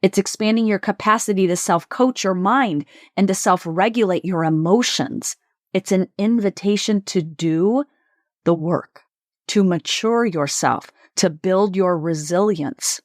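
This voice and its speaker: A woman's voice: medium pitch, unhurried, darkish tone, no room sound, clean studio sound. A middle-aged woman hosting a solo coaching podcast, reflective and emphatic, repeating questions with shifting stress. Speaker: leadership coach podcast host.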